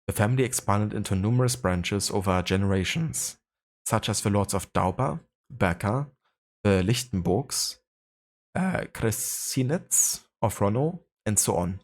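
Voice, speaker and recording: A man streaming a game live, chatting casually and reading in-game entries aloud with lots of fillers. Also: fairly low pitch. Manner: rambling, many fillers, reads codex entries aloud.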